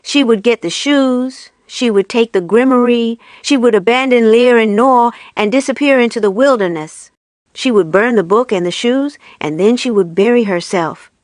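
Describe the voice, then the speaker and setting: A woman narrating an audiobook in a measured, steady way. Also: fairly high pitch, no room sound, clean studio sound.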